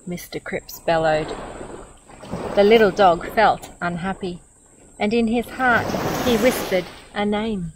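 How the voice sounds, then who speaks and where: A middle-aged woman with an Australian accent reading a picture book aloud, gently and expressively, pausing to comment on the story. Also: medium pitch. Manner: gentle, expressive, comments warmly between pages. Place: outdoors by a beach. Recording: outdoor ambient noise with insects.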